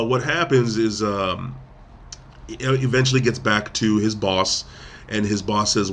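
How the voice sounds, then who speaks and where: A man's voice: lowish voice, fairly bright tone, slight background noise. A man co-hosting a podcast, casually retelling a film's plot with lots of fillers and restarts. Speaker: podcast co-host. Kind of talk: casual film review chat.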